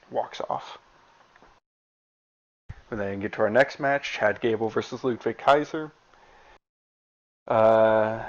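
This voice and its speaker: A man casually narrating a recap of a wrestling video game season, with fillers. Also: medium pitch. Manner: plain reading with fillers. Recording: dull lo-fi recording.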